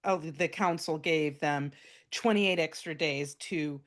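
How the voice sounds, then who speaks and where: A woman's voice: low-pitched, measured pace. A woman co-hosting a comedic news chat, chatty and teasing, with rambling asides. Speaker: co-host.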